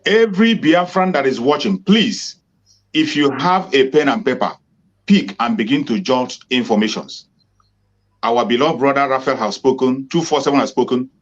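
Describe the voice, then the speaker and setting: A man's voice: medium pitch, highs cut off. A Nigerian man hosting an online broadcast, earnestly exhorting his audience. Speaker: host.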